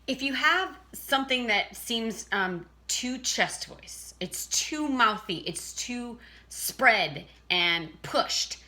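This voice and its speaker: A woman's voice: a little high, lively intonation, takes it slowly, sharp tone. A woman teaching a casual singing lesson, chatting and breaking off to demonstrate vocal sounds.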